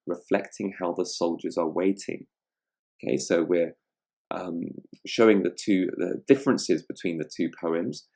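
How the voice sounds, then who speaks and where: A middle-aged man teaching grammar over slides, reading example sentences aloud and explaining them in an unhurried way with frequent ums. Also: deep voice, lively intonation, darkish tone. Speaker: online English tutor.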